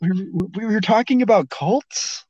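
A man's voice: sits high, moderate pace, darkish tone, no room sound, lo-fi sound. A man hosting a casual podcast chat, joking in a laid-back way. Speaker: podcast host.

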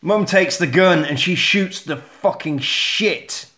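Man, bright-voiced, animated casual storyteller, echoey room. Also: on the high side, slow. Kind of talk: casual film recap.

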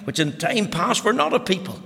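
A man preaching a sermon, swinging between loud, fervent exclamations and hushed asides. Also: high-pitched, big pitch swings, a little fast, vocal fry, long reverb tail. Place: church.

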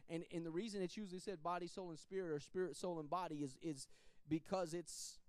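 A man's voice: on the high side, fairly even intonation, a little fast, darkish tone, smooth, no echo. A man, a pastor, teaching a Bible study in a candid, personal, conversational way, often restarting his sentences and chuckling.

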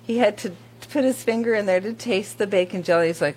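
A middle-aged woman guest on a casual interview, cheerful and excitable, telling stories. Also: medium pitch, a little fast, slight background noise. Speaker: guest, business owner.

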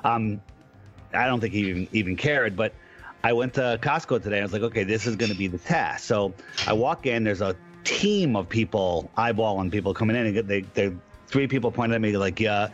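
Animated man telling a story, faint music. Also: on the low side, dull audio. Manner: animated storyteller, acts out the people in his story. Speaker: guest. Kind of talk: casual talk show anecdote.

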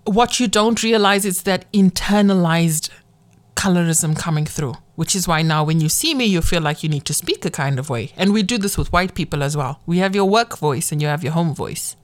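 A woman's voice: lowish voice, moderate pace. A woman from Zimbabwe co-hosting a casual podcast, talking emphatically and swearing freely. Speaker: podcast co-host. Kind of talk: casual chat.

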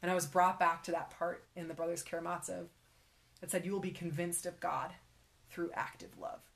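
A young woman with a slightly low voice tells a personal story in an unscripted interview. She speaks in halting bursts full of fillers and often sinks to a near whisper. Her delivery is heartfelt and conversational. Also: steady tone, vocal fry, fairly bright tone. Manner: emotional, halting, many fillers, drops to a whisper. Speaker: guest sharing her faith story.

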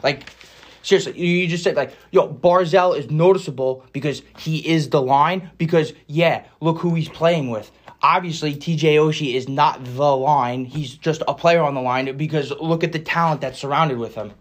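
A young man co-hosting a podcast, arguing fast and swearing often, talking over his partner. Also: fairly high pitch. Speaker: podcast co-host. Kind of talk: heated casual sports debate.

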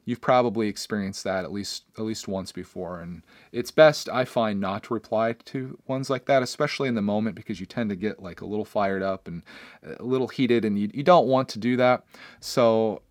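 A man's voice: lowish voice, normal speed, no echo, studio quality. A man in his thirties hosting a casual solo podcast, talking earnestly and rambling with many restarts. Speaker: podcast host and YouTuber.

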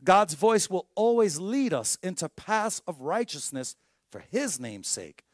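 Animated high-voiced male preacher. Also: measured pace, no room sound, clean studio sound. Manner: animated storytelling preacher, acts out voices in anecdotes. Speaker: pastor. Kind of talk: sermon.

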